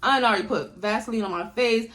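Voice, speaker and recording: Her voice is a little high and fairly bright, and she talks fast: a young storytime vlogger casually retelling her own experience. She addresses her audience as "y'all" and acts out what other people said.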